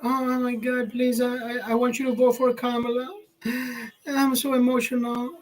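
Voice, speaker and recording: A man's voice: very high-pitched, completely flat delivery, normal speed, voice pushed up, low-quality recording. A man putting on the voice of an emotional female pop star who gushes breathlessly. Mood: gushing. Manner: breathless, teary gushing.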